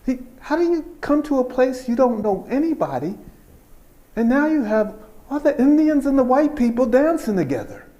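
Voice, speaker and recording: A man's voice: animated, a little slow, warm tone, highs cut off. A man voicing his proud but practical older father, who keeps questioning how things will pay off. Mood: incredulous. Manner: practical, questioning, raises pitch in disbelief.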